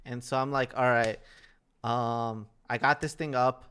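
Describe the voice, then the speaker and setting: A man's voice: mid-range voice, steady tone, normal speed, fairly bright tone, smooth. A young man co-hosting a podcast, telling stories in a rambling, casual way full of fillers. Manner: rambling, filler-heavy storytelling. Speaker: podcast co-host. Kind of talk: casual chat.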